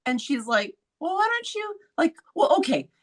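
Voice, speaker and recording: A woman hosting a podcast, telling a story in a casual, blunt way, swearing freely and acting out quoted voices with sudden high jumps. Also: sing-song, normal speed. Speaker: podcast host.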